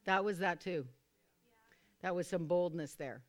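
A woman preaching a sermon to a small group, repeating phrases and calling for responses, sometimes bursting into loud, fervent exclamations. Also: fairly low pitch, a little slow. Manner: repetitive, calls for responses from listeners.

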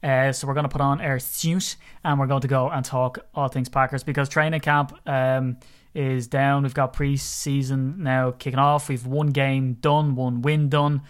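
A man's voice: medium pitch, flat delivery, moderate pace, hardly any pauses, clean tone. Joking Irish man on a podcast. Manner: jokey, teasing banter. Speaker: podcast co-host. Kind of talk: casual podcast chat.

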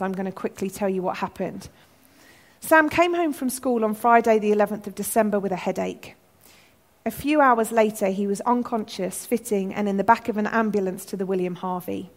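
A woman giving an earnest, animated sermon talk to her church. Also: medium pitch. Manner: earnest, animated, acts out shouted quotes. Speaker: church speaker.

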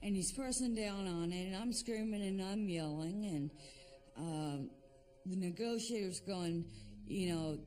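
Slow, steady woman recounting an ordeal. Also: mid-range voice, faint music behind. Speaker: former prison officer recounting an ordeal. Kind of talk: documentary interview testimony.

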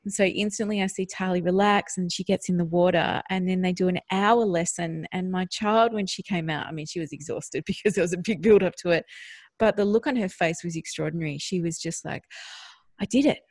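A middle-aged woman co-hosting a parenting podcast, telling a family story in a gentle, conversational way and lifting her voice to act out her child. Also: on the low side, fairly quick, no echo. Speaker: podcast co-host.

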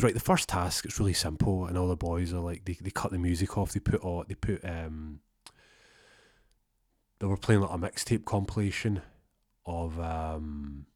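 A young man telling a rambling comic story, deadpan, acting out both sides of the conversation. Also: low-pitched, no echo, studio quality. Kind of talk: comic storytelling with acted-out dialogue.

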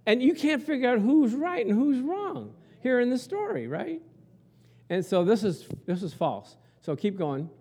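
A man's voice: very high voice, big pitch swings, measured pace, darkish tone, husky. A man preaching a conversational sermon, telling a story and asking his listeners rhetorical questions along the way. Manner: chatty, asks the congregation rhetorical questions. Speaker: pastor.

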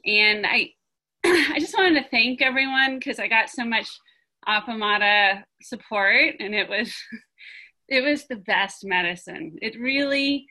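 Woman, group member sharing; slow, hesitant delivery, bright tone. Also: a little high, low-quality recording. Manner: halting, searching for words. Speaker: practice community member sharing. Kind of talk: personal sharing in group discussion.

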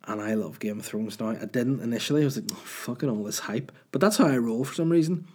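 A man's voice: medium pitch, quick pace, mellow, breathy edge. A young man with a Northern Irish accent, hosting a podcast in rambling, sweary, joking storytelling. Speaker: podcast host. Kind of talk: casual solo chat.

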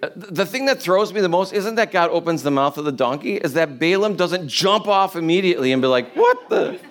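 A man preaching in a loose, chatty storytelling way, full of asides and light humor. His voice sits fairly high for a man. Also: expressive, a little fast. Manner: conversational, humorous, filler-heavy. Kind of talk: casual sermon storytelling.

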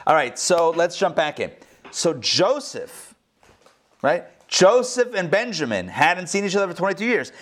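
Over a video call, a middle-aged rabbi teaches a Torah class casually and jokingly, asking his audience questions. His voice sits high and sing-song, fairly bright, at a normal speed. It's picked up by a computer mic, like a casual online class lecture.

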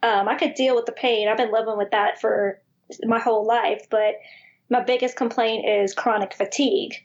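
A woman's voice: fairly high pitch, fairly even intonation, moderate pace, muffled recording. A woman from the New Orleans West Bank with a local accent, a podcast guest talking plainly over a call. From West Bank of New Orleans, Louisiana. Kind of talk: casual podcast chat.

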